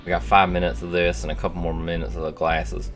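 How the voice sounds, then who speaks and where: A man's voice: low voice, little pitch movement, fast talker, faint music behind. A male streamer chatting casually with viewers in a put-on silly accent, reading chat messages aloud and rambling between them.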